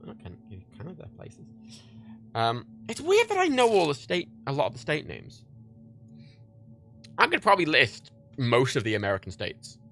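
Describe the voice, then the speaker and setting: Young scouse guy on a stream, bright voice, swears a lot, pitch bouncing all over. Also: huge pitch swings, moderate pace, long pauses, faint music behind. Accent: Liverpool. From England. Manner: rambling and profane, laughing often. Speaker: livestreamer. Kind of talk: casual chat reading stream chat.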